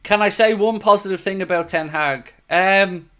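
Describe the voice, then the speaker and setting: A man's voice: high voice, moderate pace, a bit bright, clean tone. A young Irish man hosting a football watchalong stream, chatting casually and reading out viewer comments. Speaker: watchalong host.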